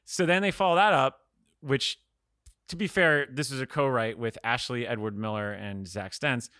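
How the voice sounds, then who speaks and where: A man's voice: mid-range voice, normal speed, bright, forceful tone, dry recording, studio quality. A man co-hosting a podcast in casual chat, rambling through a story with laughs and casual swearing. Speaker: podcast co-host.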